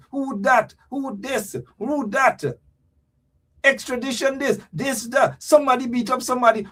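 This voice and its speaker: Guyanese male host with a high voice, delivering a fired-up, repetitive, slangy livestream rant. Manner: animated, repetitive and scolding, lots of local slang. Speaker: show host. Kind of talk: ranting livestream commentary.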